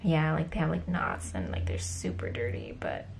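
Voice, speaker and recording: A woman's voice: low-pitched, big pitch swings, normal speed, creaky, a little mellow, a little hiss or hum. A young woman vlogging, telling an upsetting story casually with many fillers, at times close to tears.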